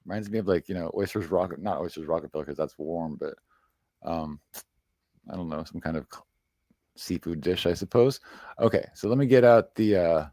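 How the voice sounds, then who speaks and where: A man's voice: low voice, mellow, no echo, clean studio sound. A man hosting a live stream and reading horoscopes in a rambling, chatty way, full of fillers and self-corrections. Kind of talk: casual live-stream chat.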